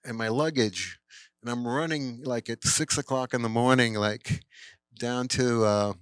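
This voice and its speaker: A man telling a rambling, animated anecdote at a cinema Q&A, full of fillers and acted-out quotes. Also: mid-range voice, measured pace, smooth, no echo. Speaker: guest filmmaker at a Q&A.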